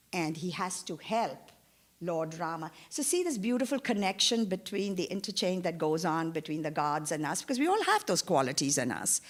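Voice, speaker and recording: A woman tells a sacred tale during a church service, animated and full of conversational asides. Her voice sits lowish for a woman. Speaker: guest speaker. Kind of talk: storytelling sermon.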